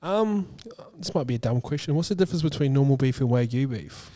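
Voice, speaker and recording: A male podcast host in casual chat, talking fast and loosely, and swearing easily. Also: mid-range voice. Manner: quick, swearing and relaxed.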